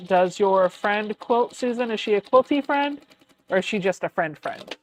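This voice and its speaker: A woman's voice: medium pitch, animated, moderate pace. Chatty woman hosting a sewing stream. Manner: chatty, reads viewer comments aloud and answers them, laughs often. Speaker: quilting livestream host. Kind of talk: casual livestream chat while sewing.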